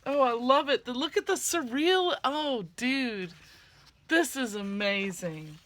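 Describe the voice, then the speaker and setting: Bright-voiced, slow-talking woman vlogger. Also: high voice, expressive. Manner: chatty, many fillers, gasps and squeals of delight. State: low-key from a sinus headache. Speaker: craft vlogger. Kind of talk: casual chat to camera. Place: home.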